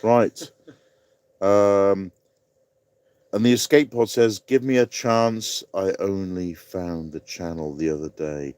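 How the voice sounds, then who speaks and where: Man, quiz host, unhurried, dark low voice, dry close sound. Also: steady tone, clean tone, no room sound. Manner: chatty, rambling asides, laughs at own jokes. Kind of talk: casual live-stream quiz.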